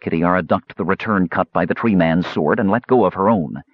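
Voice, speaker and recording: A man reading fantasy fiction aloud as an audiobook narrator, steady storytelling with varied voices. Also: low voice, a little fast, no room sound, dull audio. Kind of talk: scripted narration.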